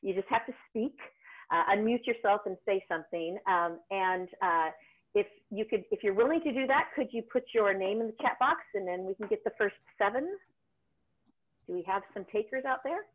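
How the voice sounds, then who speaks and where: A woman's voice: mid-range voice, animated, moderate pace. A woman vocal coach running an online singing workshop, encouraging and chatty, with frequent ums and restarts. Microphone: video call. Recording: tinny phone-like call audio.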